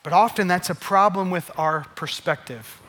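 Man preaching, high-pitched and energetic, stumbles and repeats for emphasis. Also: normal speed. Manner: animated, repeats words when emphatic. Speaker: pastor. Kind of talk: sermon.

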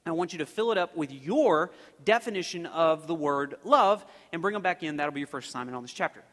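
A man's voice: on the high side, expressive, fairly quick, fairly bright tone. Man putting on a stern woman teacher, commanding, slightly raised, hall echo. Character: firm female high school teacher. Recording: long reverb of a large hall.

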